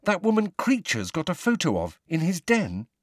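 Man putting on a hushed, horrified teen girl, raised pitch, slow, dry sound. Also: wildly swooping pitch, no room sound, exaggerated voice. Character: clever teenage girl, horrified and tearful.

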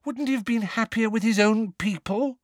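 A man voicing a clever teenage girl, a young witch, frightened and shrill. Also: moderate pace, dry recording, clean studio sound, lightly acted. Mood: pleading. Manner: shrill, breathless.

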